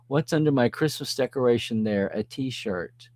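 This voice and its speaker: A man's voice: mid-range voice, darkish tone, no echo. Male live-stream host, casual, answers chat, dry close sound. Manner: chatty, reads and answers comments, chuckles often.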